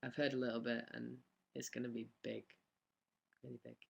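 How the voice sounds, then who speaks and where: A man's voice: mid-range voice, flat delivery, brisk, vocal fry, husky, dull audio. A young man, chatting casually on a live stream and answering fan questions with lots of ums and laughs. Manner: chatty, rambling, laughs often, many ums.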